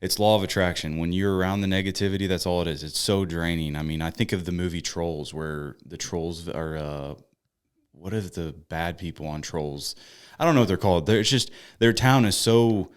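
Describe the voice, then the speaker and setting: A man co-hosting a casual podcast, talking in an upbeat, energetic and jokey way. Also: sits low, moderate pace, smooth. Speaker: podcast co-host.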